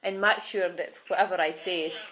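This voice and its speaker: A woman's voice: fairly low pitch, fairly even intonation, a little fast, fairly bright tone. A woman in her thirties from Shetland with a Shetland accent, chatting casually in an interview and thinking aloud with many restarts. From Shetland, Scotland. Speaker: interviewee, works with children at a school. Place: at home with a small child nearby. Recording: noisy home recording.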